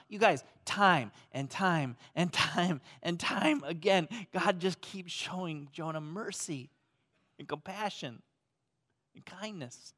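A man preaching a sermon as pastor, swinging between loud emphasis and hushed, soft passages. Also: high voice. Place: church auditorium.

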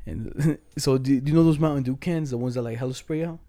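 A man's voice: medium pitch, a little fast, dark tone, no echo, studio quality. A young man telling rambling, profane stories in casual chat with friends. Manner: slangy, profane, laughing storyteller. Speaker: storyteller among friends.

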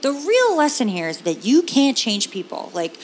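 A woman's voice: sits high, huge pitch swings, moderate pace, a little hiss or hum. A young woman co-hosting a comedy podcast, chatting casually in a rambling way with lots of "like". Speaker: podcast co-host. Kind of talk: casual chat.

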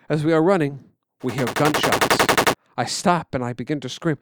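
A man telling a story in quiet, measured, scripted narration. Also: fairly high pitch, dry recording.

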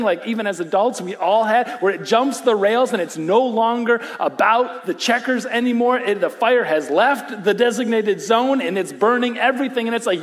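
High-voiced pastor in a reverberant hall. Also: male voice, moderate pace. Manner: animated, self-deprecating humor. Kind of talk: sermon with a storytelling opening. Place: church sanctuary.

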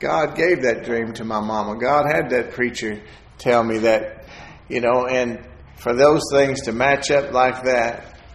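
A man's voice: medium pitch, a little slow, roomy sound, a little hiss or hum. A man preaching a testimony, telling a folksy story and acting out the voices of the people in it. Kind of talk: sermon testimony.

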